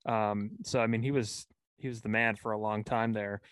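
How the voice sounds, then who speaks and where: A man's voice: fairly low pitch, fairly even intonation, moderate pace, a bit bright, clean tone, no echo. A man hosting an interview, asking long questions with lots of fillers. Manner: rambling, searching questions with fillers. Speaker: host. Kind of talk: casual interview.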